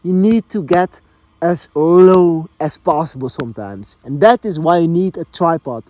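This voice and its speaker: Chatty high-voiced man explaining filming gear. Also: animated, measured pace, darkish tone, no echo. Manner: chatty, repeats himself, restarts phrases. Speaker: wildlife filmmaker vlogger. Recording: faint background noise.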